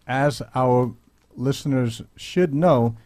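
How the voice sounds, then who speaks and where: Earnest measured man hosting radio. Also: mid-range voice, darkish tone, no echo. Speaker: radio show host. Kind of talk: radio commentary. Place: radio studio.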